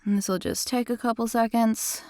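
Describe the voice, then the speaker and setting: A woman who works as an audiobook narrator, hosting a casual software tutorial in a chatty, enthusiastic way. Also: on the high side, steady tone, moderate pace, dry recording. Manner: chatty and enthusiastic, self-described critical listener.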